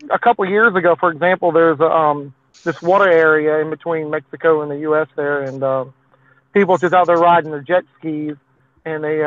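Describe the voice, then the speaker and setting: A man's voice: fairly high pitch, dry recording. A man from Texas rambling in a casual chat, with many fillers. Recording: tinny phone-like line.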